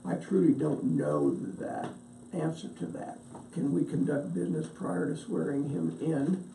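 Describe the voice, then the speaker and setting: A man with a gravelly, dark voice chairs a county board meeting, pausing and hunting for words. He sits away from the mic in an echoey meeting room, with faint hiss underneath. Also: fairly high pitch, huge pitch swings, recorded from a distance. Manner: halting, searching for words.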